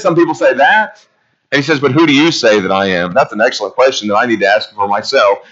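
In a church, a man preaches earnestly, full of rhetorical questions, his voice swelling high before dropping low. The tone is sharp and the highs are cut off.

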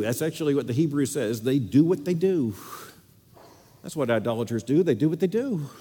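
A man preaching a sermon with strong emphasis, repeating phrases and swinging between loud declarations and quiet asides. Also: medium pitch, expressive, brisk, husky, big-room sound.

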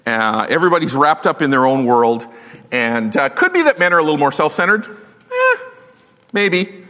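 A middle-aged man preaching a sermon in a lively, joking, conversational way. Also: on the high side, normal speed. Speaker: pastor. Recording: long hall reverb.

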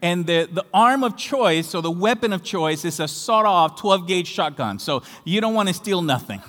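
High-voiced passionate preacher in a reverberant hall. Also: male voice, lively intonation, moderate pace. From Latin America. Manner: passionate preaching, rising to shouts on key phrases. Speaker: pastor. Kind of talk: sermon.

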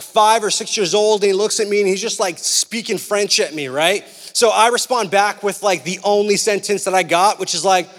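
A young male preacher with a high, light voice that rings out through a big hall with a long reverb tail. He talks in an animated, casual way, full of "like" and "right?" asides. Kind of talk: sermon with personal story.

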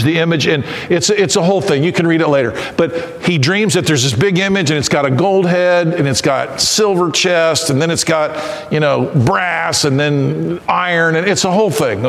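A man's voice: fairly high pitch, moderate pace, hardly any pauses, long reverb tail. A man preaching a conversational sermon who acts out quotes and asks the congregation questions. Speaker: pastor.

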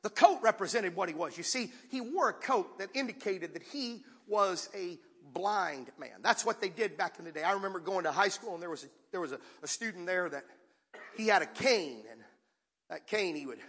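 A male pastor with a high, bright voice and a husky edge preaches a sermon with fervor, swinging between quiet asides and shouted calls to the congregation. His impassioned voice rings through a church sanctuary with a long, trailing reverb.

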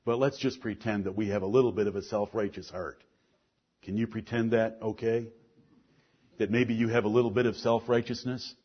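A man's voice: steady tone, moderate pace, slightly rough. A man preaching a sermon as pastor, reading scripture and explaining it to his congregation with strong emphasis. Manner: preaching with rising emphasis, then dropping to a low, quiet delivery. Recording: dull lo-fi church recording.

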